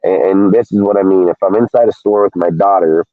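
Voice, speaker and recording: A man's voice: sits low, fairly quick, no echo. A man ranting in a casual sports talk show, heated and profane, calling everyone "dude". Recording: tinny phone-like line, dry.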